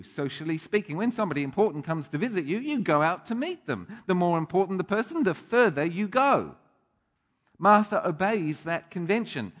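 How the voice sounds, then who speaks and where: A man preaching a sermon, thoughtful and emphatic, building up stress on key phrases with some restarts. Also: a little high. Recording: long hall reverb.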